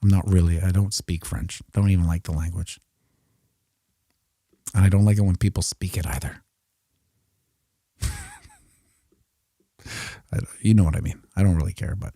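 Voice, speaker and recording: A middle-aged man with a low, mellow voice rambles through live chart commentary. He jokes and mutters asides to himself as he draws. The sound is dry and close. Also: steady tone, normal speed, vocal fry, long pauses, no echo. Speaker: crypto streamer.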